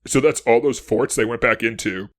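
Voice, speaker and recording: With a mid-range voice, a male podcast co-host animatedly discusses history in a casual way, doing quick bits as historical figures and laughing frequently.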